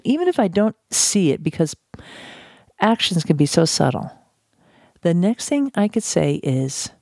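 Low, mellow-voiced woman speaking calmly. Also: no room sound, studio quality. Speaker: speaker on conflict de-escalation. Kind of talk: talk on civility.

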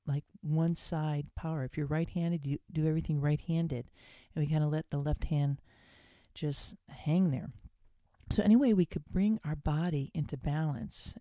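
A woman's voice: sits low, dark tone, dry recording, clean studio sound. A middle-aged woman hosting a podcast, chatting casually while guiding relaxation and breathing exercises. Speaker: podcast host. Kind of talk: casual wellness talk.

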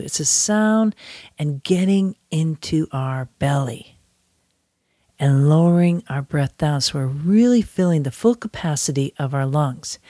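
A man's voice: on the high side, warm tone, dry recording. A man talking casually from his office, teaching a lesson about breathing and sometimes mocking himself as he demonstrates. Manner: chatty and self-mocking, demonstrates chants aloud. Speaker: author and instructor.

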